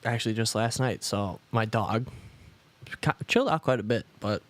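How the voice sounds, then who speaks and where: A man's voice: fairly low pitch, normal speed, a bit bright, no echo. A man co-hosting a podcast in casual chat, telling rambling stories, swearing often and acting out quotes. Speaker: podcast co-host.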